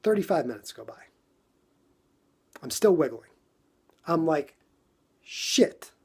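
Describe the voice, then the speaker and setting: A man's voice: on the high side, animated, unhurried, darkish tone, breathy edge. A man from New York telling a casual story on a phone livestream, acting out his own frustration with lots of repetition.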